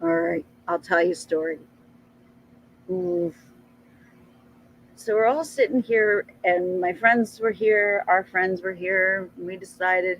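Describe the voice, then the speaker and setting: A middle-aged woman vlogging at an unhurried pace, rambling through a personal story in a chatty, animated way. Her pitch often leaps up as she talks, and faint ambient noise sits behind her voice. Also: muffled recording. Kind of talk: casual storytelling vlog.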